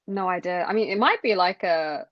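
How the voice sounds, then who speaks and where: A woman's voice: fairly low pitch, animated, normal speed, dry recording. Young woman co-host, casual and hesitant, dry and slightly dull recording. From Sri Lanka. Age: young adult. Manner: chatty, hesitant with many fillers. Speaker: podcast co-host. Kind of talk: casual chat.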